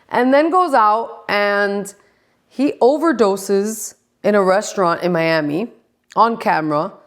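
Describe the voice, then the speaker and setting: A woman in her forties hosting a podcast, ranting casually with lots of swearing and sarcasm. She talks straight to her listeners and often drops into stage whispers. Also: medium pitch. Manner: profane and exasperated, dropping into stage whispers; sarcastic, addresses the audience directly. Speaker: podcast host.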